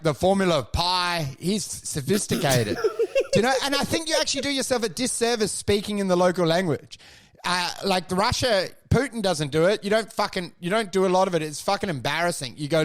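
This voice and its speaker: A man's voice: high-pitched, a bit bright. A man co-hosting a comedy podcast, swearing freely and riffing in mock voices. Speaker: podcast co-host. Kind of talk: casual comedic chat.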